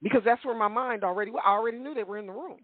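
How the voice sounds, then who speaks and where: A woman telling a long personal story on a call-in radio show, animated and rambling, with frequent rhetorical asides to the listener. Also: a little high, racing, no room sound. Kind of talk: casual storytelling. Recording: tinny dry phone line.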